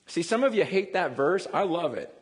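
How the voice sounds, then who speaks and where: A man preaching a sermon in a lively, conversational way, often breaking into quick laughs. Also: sits high, in a large hall. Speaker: pastor.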